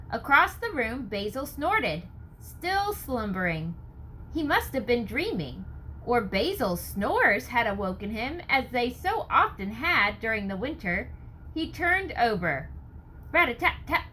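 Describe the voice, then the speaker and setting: A woman narrating a historical novel audiobook, reading expressively and acting out the characters' lines. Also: slight background noise. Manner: expressive, raises pitch for shouted lines.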